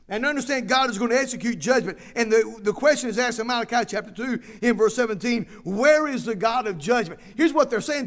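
A male pastor preaching a sermon, reading scripture aloud and stressing his points with emphatic repetition. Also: very high voice.

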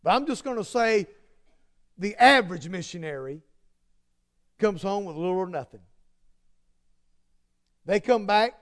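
Emphatic, high-voiced man preaching. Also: animated, measured pace, long pauses. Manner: earnest, emphatic, repeats phrases, swings from loud to hushed. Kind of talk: sermon.

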